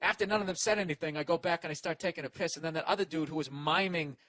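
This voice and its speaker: A man in his forties, a podcast host, telling a story as a loud, profane comic rant. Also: a little high, very fast, dry recording. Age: 40s. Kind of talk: ranting comic monologue.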